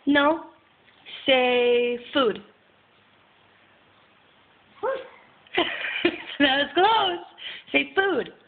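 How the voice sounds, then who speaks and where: A woman's voice: high voice, animated, drawn-out words, long pauses. A woman, a mother, playfully and patiently coaxing her toddler to say words, recorded on a phone. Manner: playful, patient, laughing often. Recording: thin phone-like audio.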